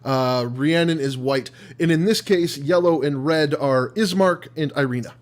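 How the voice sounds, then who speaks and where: A man's voice: fairly high pitch, measured pace. Easygoing man running a tabletop game. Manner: easygoing, laughs often. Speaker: dungeon master.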